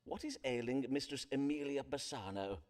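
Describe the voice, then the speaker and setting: A man's voice: mid-range voice, normal speed, darkish tone, a little hiss or hum, natural voice. An actor playing a wordy, evasive male Elizabethan astrologer in a game, talking in formal old-fashioned speech. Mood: pompous. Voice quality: archaic formal diction, hesitant fillers. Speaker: Elizabethan astrologer physician Foreman. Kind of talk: period game voice acting.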